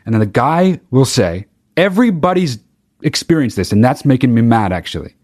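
A man hosting his own podcast and talking straight to the listener in a worked-up rant. He swears freely, stumbles and restarts as he builds up steam. His voice sits at an ordinary middle pitch for a man. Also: sing-song, fairly quick, darkish tone. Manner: heated, profane ranting with frequent restarts. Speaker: podcast host. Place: very hot recording space.

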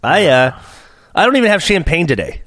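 A man's voice: a little high, sing-song, a little fast, fairly bright tone, dry recording, clean studio sound. A man hosting a casual podcast, rambling through stories with lots of fillers and swearing while he bickers with his co-host. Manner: rambling, profane, trails off with fillers.

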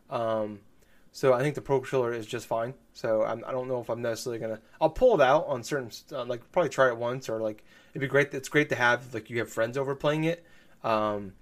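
Dude rambling on a gaming podcast, lots of ums and restarts, middle pitch. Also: male voice. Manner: rambling, full of fillers and restarts, animated. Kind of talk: casual gaming podcast chat.

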